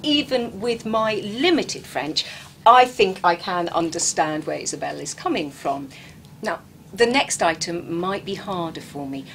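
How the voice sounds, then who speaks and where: A woman's voice: fairly low pitch, animated, measured pace, a bit bright, a little hiss or hum, rough recording. A woman with an English accent hosting an interview, asking questions with enthusiasm and small stumbles. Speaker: radio-style show host, interviewer. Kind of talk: interview chat.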